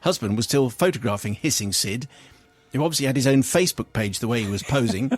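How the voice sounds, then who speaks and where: Male radio host reading out a listener's letter, lively storyteller, mid pitch, faint music under the voice. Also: quick pace. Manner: comic storytelling, swings into high squeals for the letter writer's cries. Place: radio studio.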